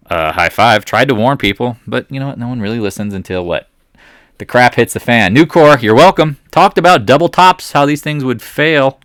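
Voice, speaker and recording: A man's voice: on the low side, a bit bright, clean tone, dry recording. Male market commentator, sarcastic chart talk, dry close sound. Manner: sarcastic, mutters asides to the charts.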